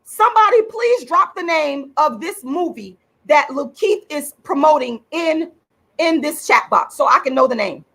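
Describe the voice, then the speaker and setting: A woman's voice: high voice, lively intonation, moderate pace, a bit bright. A woman hosting her own channel, ranting angrily on a livestream in a profane, repetitive way, enraged. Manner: furious, profane, repeats points for emphasis. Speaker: channel host and activist. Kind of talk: angry livestream rant.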